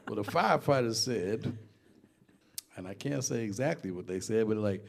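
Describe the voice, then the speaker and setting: An older man from Massachusetts, a band singer, telling stories in a casual, animated way and laughing often. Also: fairly low pitch, normal speed, gravelly. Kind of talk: casual storytelling. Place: basement studio.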